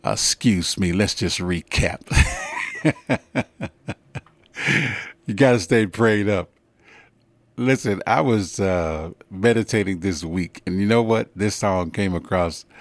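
A man hosting a gospel music radio show, talking in a slow, emphatic, preacherly way with sudden high rises. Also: dry recording. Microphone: studio microphone.

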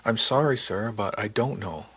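A man's voice: on the low side, moderate pace, a bit bright, slightly rough. A man reading an audiobook, voicing a shy, skittish adult woman who speaks hesitantly. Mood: timid.

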